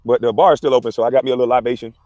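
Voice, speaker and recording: A man's voice: medium pitch, fairly even intonation, warm tone, no room sound. A man chatting casually on a livestream through a headset outdoors, rambling and cursing. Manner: rambling, cursing, quick talk. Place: outdoors in the wind.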